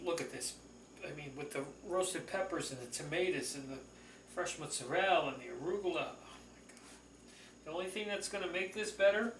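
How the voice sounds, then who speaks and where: A man's voice: a little high, fairly bright tone, a little hiss or hum. Chatty man demoing a recipe in an echoey kitchen. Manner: chatty, folksy, enthusiastic about food. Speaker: cooking show host. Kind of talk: casual cooking demonstration.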